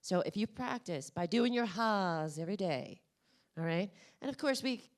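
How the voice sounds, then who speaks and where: A woman with a mid-range voice speaks at a normal pace, delivering a motivational talk in a conference room. Energetic and coaxing, she addresses the crowd directly and guides them through voice exercises.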